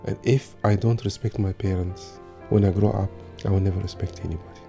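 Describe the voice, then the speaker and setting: A man giving calm parenting advice with examples. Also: sits low, a little fast, vocal fry, loud music behind the voice. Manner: calm, advisory, gives examples. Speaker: parenting speaker. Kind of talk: talk on parenting.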